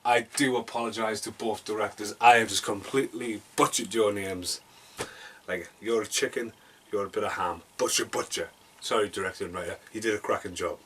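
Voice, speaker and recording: A man's voice: lowish voice, a little fast, fairly bright tone, breathy edge. A man from Britain reviewing a movie casually, rambling and self-deprecating, with jokey asides and mumbled mutters.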